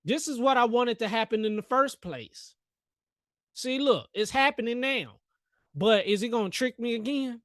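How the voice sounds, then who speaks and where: A man's voice: very high voice, lively intonation, moderate pace, a bit bright, no room sound, studio quality. A man hosting a trading livestream, joking and talking back to the chart in casual live commentary. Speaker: livestream host and futures trader.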